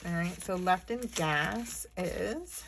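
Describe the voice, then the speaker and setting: A fairly low-pitched woman in her thirties talks casually to her viewers from her bedroom, counting out cash as she goes. She addresses them as y'all in a chatty, offhand way. A faint hiss sits behind her voice. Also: takes it slowly, gravelly. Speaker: budgeting vlogger. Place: her bedroom upstairs at home.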